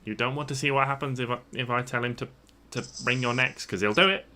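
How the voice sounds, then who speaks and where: A man's voice: medium pitch, steady tone, quick pace, bright, forceful tone, voice pushed up, close to an everyday voice. A man voicing a furious, bossy little male goblin who rants at travellers from a fantasy game. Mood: taunting. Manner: ranting, jumping up and down in rage.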